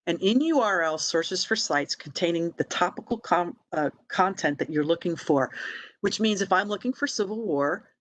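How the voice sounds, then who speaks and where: A woman's voice: fairly low pitch, lively intonation, normal speed. Chatty woman walking through a tutorial. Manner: chatty, explains step by step with fillers and asides. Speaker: library webinar presenter. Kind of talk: casual online tutorial.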